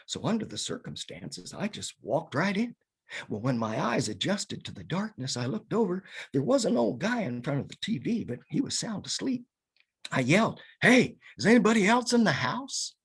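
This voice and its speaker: A man telling a comic tall tale to an audience, animated and chuckling at his own jokes. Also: a little high, slightly rough. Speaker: storyteller. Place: home, virtual session.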